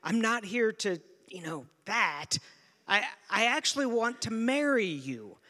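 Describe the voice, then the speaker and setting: A man's voice: high voice, big pitch swings, unhurried, bright, forceful tone, full character voice. A man voicing a bewildered, earnest ancient prophet who pleads in disbelief. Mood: earnest, pleading. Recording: long reverb of a large hall.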